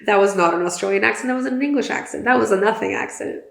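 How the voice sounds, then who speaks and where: Young woman podcast host, gravelly fry, chatty gossip tone, swears, echoey room. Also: medium pitch, quick pace. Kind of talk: casual chat. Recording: roomy echo.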